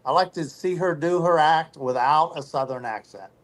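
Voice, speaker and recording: A man's voice: on the high side, moderate pace. A man on a comedy game show panel, talking hesitantly and searching for words as he explains his pick. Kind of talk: casual chat.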